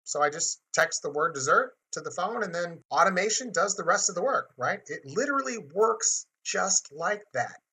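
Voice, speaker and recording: A man teaching a marketing webinar in a bright, forward tone with a husky edge. He talks in a chatty, conversational way and likes to act out short scenes for his listeners. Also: sits high, lively intonation, moderate pace, hardly any pauses. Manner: chatty, acts out dialogue. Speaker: webinar host.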